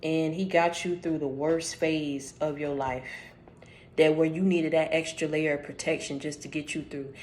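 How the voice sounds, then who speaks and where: A woman's voice: sits low, fairly even intonation, moderate pace, a little mellow, slight background noise. A woman hosting her channel, giving a casual spiritual message in an emphatic, conversational way, repeating phrases for stress and speaking straight to the listener. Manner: conversational, addresses listener directly.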